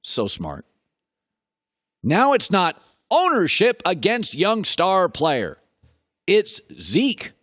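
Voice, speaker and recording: A middle-aged man hosts a sports talk show in a lively, swooping voice. He leans on rhetorical questions and hammers his points by repeating them. The sound is close and dry. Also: sits high, drawn-out words, pauses often, no echo. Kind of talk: opinionated sports talk monologue.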